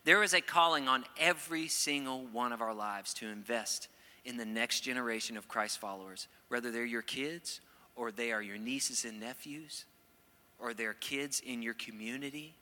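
Bright-voiced man preaching in a hall. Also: medium pitch, moderate pace. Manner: playful, acts out quoted voices, then earnest. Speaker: pastor. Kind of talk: sermon.

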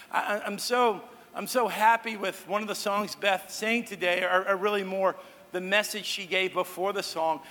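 A man preaching to his congregation as pastor, talking in a relaxed way with joking asides to the crowd, recorded in a church hall. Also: high voice, normal speed. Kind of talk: sermon. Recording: long hall reverb.

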